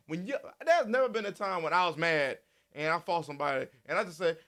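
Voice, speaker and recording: A man giving casual, animated commentary, repeating himself and swearing freely. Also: high-pitched, fairly quick. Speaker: commentary channel host.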